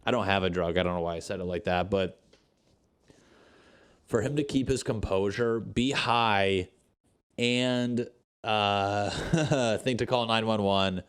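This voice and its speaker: A man's voice: fairly low pitch, takes it slowly, pauses often, smooth. A young man hosting a podcast, telling a rambling, profane story in casual chat and acting out what people said. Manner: profane, rambling, acts out quotes. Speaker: podcast host.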